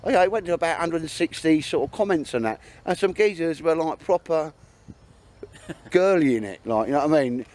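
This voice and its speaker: A man's voice: on the high side, expressive, brisk, a little mellow. A middle-aged man chatting casually to camera outdoors in the woods, rambling and laughing at his own stories. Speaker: vlogger. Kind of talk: casual outdoor vlog chat.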